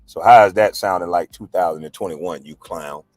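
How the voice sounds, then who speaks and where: In a dry recording, a deep-voiced man speaks at normal speed in a heated casual rant. He's in his forties, hosts livestreams after a pro basketball career, and comes across as mocking, profane and combative, laughing scornfully.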